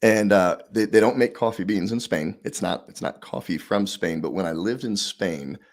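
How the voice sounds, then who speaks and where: A man's voice: on the low side, moderate pace. A middle-aged man, a podcast guest and author, chatting casually and acting out the people in his stories. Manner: animated storyteller, acts out quotes. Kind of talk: casual interview chat.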